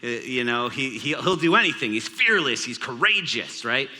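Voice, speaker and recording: A man's voice: mid-range voice, very animated, normal speed, bright, forceful tone. A man in his thirties, a pastor, telling a humorous family story in a sermon. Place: large church auditorium. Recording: long hall reverb.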